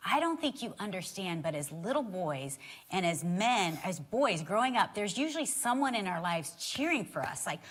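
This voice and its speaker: A woman's voice: medium pitch, moderate pace. A woman telling a story on a church stage beside her husband, acting out what people said. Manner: expressive storyteller, acts out quotes. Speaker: co-teacher on marriage with her husband. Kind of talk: live sermon storytelling. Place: church stage before a live audience.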